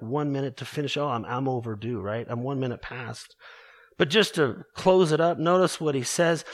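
A male pastor preaching a sermon in an earnest, emphatic way, often asking rhetorical questions, then leading a prayer in church. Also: a little high.

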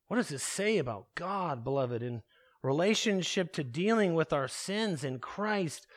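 A man preaching a sermon, emphatic, asking the congregation rhetorical questions and slowing down to stress key words. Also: fairly high pitch, expressive. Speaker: pastor.

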